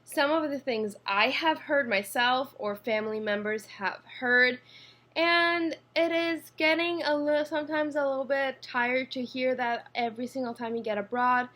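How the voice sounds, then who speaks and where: Talking to camera in her apartment, a young vlogger from Switzerland speaks with a Swiss accent in a high-pitched, somewhat bright voice at a moderate pace. She rambles casually, full of fillers and restarts, captured by a built-in computer mic.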